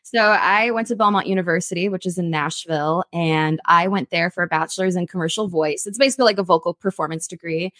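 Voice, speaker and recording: Young woman, guest, animated storyteller, casual interview, dry close sound. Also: on the low side, fast talker, hardly any pauses, no room sound. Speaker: guest, theme park singer.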